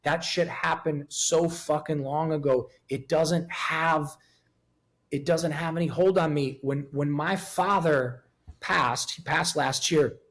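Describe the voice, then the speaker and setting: Man, 50s, interview guest; profane, emotionally raw, slightly high voice. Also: steady tone, slow pace, a bit bright. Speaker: podcast guest. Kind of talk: candid interview talk.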